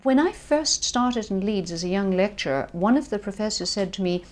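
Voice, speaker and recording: A woman's voice: mid-range voice, normal speed, few pauses, darkish tone, slight background noise. Emphatic Northern Irish woman. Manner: emphatic, proud. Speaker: lecturer. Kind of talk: interview talk.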